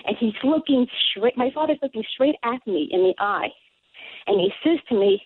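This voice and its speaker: A woman calling in to a radio show and telling a story with excited, breathless energy. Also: on the high side, moderate pace, breathy edge. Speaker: caller. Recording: tinny phone line.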